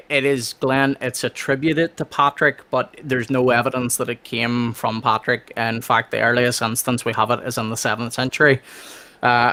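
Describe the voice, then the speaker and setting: A man from Ireland with an Irish accent, a guest calmly explaining history in a casual chat. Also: medium pitch.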